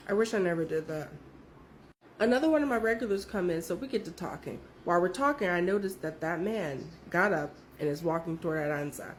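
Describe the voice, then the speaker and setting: Animated, profane woman storyteller. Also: a little fast, a little hiss or hum. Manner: animated, profane, jumps high when quoting others. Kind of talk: casual storytelling.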